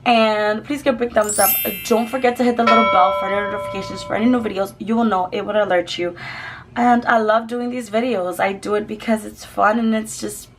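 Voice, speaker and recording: A woman beauty vlogger chatting excitedly and gushing over lip colours in a casual home swatch video. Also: mid-range voice, a little fast, over music. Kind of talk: casual makeup swatch vlog. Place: home, children nearby.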